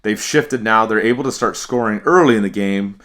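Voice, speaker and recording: A man co-hosting a hockey podcast in a measured, casual way, often restarting his sentences. His voice is fairly low. It has a bright, forceful edge. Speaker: podcast co-host. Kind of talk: casual sports podcast chat.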